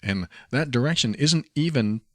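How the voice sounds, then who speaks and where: A man hosting a podcast, giving calm, coaching advice and repeating key phrases. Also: medium pitch, moderate pace, no room sound, studio quality. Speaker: podcast host. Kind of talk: advice monologue.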